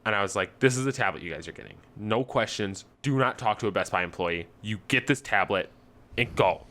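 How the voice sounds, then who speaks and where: A young man co-hosting a podcast tells a story in casual chat, acting out other people's lines with animation. His voice is lowish and his pace brisk.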